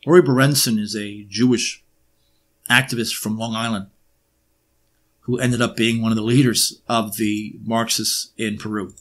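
A man presenting an unscripted history monologue, emphatic and sarcastic, often pausing on uh and um while he builds his points. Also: on the low side, fairly even intonation, a bit bright. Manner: emphatic, with sarcastic rhetorical questions; frequent hesitations with uh and um.

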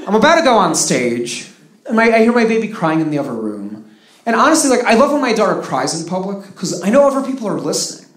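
A man's voice: sits high, big pitch swings, fast. A man from Russia performing live stand-up comedy with a dry, sarcastic delivery. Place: stage in a live comedy venue. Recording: roomy live venue with audience noise.

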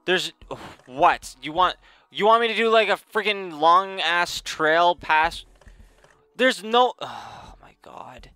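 A man's voice: high-pitched, lively intonation, slow pace, sharp tone, clean tone, no room sound, soft background music. A young man giving exasperated, sarcastic let's play commentary, muttering at the game as he plays. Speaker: gaming channel host.

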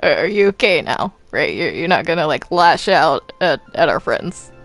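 A woman voicing a patient cartoon ink creature in a Minecraft role-play, coaxing and gently scolding. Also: sits low, big pitch swings, moderate pace, creaky, soft background music, voice pushed down, full character voice.

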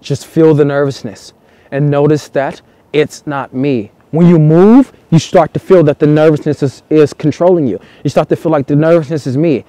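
A man speaking a little high for his sex but with a mellow, dark tone. He coaches earnestly in a vlog monologue, repeating his key points and swearing casually. He is recording outdoors in the cold. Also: fairly even intonation, normal speed, no echo. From United States. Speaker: dating coach.

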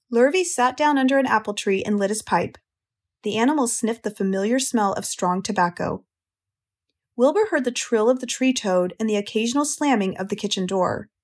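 An American woman narrates a children's novel as an audiobook. Her reading is clear and gentle, paced for English learners, at an average pitch.

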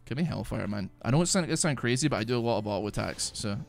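A man streaming a video game in casual chat, excitable and sweary, breaking into shouts and laughter. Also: medium pitch, racing, creaky. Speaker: gaming streamer. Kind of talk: casual live-stream chat over gameplay. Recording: faint music behind.

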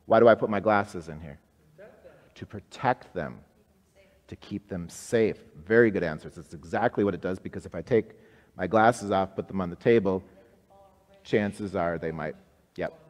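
Low-voiced man leading a simple service. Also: normal speed, long pauses. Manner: simple, encouraging, leads call-and-response prayer. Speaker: pastor. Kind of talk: simplified worship service for people with special needs. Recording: live-streamed service with long reverb.

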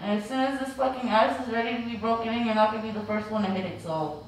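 A woman's voice: a little high, fast talker, slight background noise. A woman in her twenties arguing with her fiancé in a prank vlog, sleepy and then cursing and roasting him. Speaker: vlogger. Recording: echoey room from far off.

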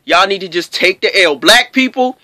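A man with a drawl vents in an emphatic, profanity-laced rant about a football game. His voice sits high and sounds bright and sharp. The recording is dry and close, with almost no room sound. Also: lively intonation, normal speed, no echo. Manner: heated, profane, emphatic ranting. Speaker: sports vlogger. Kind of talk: profane ranting commentary.

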